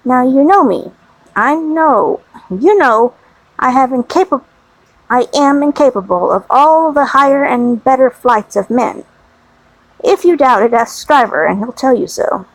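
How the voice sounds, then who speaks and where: A woman reading the part of a weary, self-loathing young gentleman, with a resigned, self-deprecating delivery. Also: high-pitched, animated, unhurried, no room sound, full character voice, rough recording.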